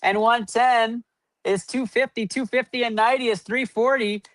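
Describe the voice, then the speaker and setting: A man's voice: very high-pitched, steady tone, normal speed, a bit bright, no room sound. A man hosting a live card-opening stream, rattling off running point totals and hyping up each pull. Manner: running tally of numbers, upbeat hype. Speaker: host.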